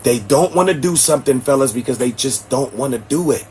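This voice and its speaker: A man's voice: mid-range voice, expressive, a little fast, a little mellow, a little hiss or hum. A man, hosting a livestream and preaching bluntly at his chat. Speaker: livestream host. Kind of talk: ranting livestream commentary. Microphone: streaming setup mic.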